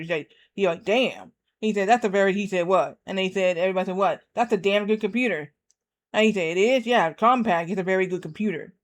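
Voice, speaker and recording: This male streamer has a smooth, high voice. He chats casually during a game livestream, meandering through a story with repeated restarts.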